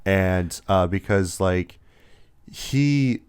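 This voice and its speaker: A man's voice: low voice, lively intonation, drawn-out words, a little mellow, clear, resonant tone. A young man hosting a casual movie review podcast, retelling scenes with quoted voices. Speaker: podcast host.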